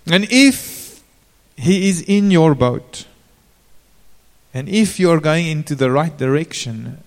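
A man preaching to a congregation, his fairly high voice carrying a gravelly edge. He keeps it informal and turns to the listeners with direct questions. A long hall reverb trails every phrase. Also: lively intonation, slow pace. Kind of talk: sermon.

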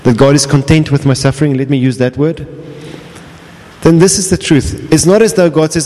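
Pastor preaching in a reverberant hall. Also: male voice, a little high, a little fast, warm tone. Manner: earnest, repeats himself, restarts phrases. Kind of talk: sermon. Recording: long reverb of a large hall.

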